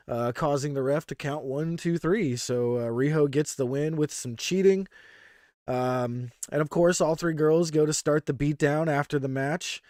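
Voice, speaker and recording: A man's voice: a little high, no echo. Casual male podcast co-host, dry sound. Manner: excited play-by-play recap, casual slang. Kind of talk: casual wrestling review chat.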